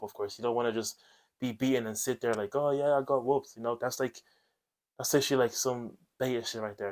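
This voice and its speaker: A man gives blunt, coaching advice straight to camera. His voice sits at an ordinary middle pitch, and he tags his points with "okay?" and casual swearing. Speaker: self-improvement video host. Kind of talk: direct-to-camera advice monologue.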